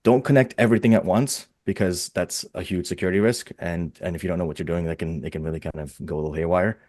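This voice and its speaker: Deep-voiced fast-talking man on a video call. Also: steady tone, a little mellow, no room sound, clean studio sound. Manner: rambling, repeats words, nerdy enthusiasm. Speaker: panelist. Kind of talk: casual webinar panel talk.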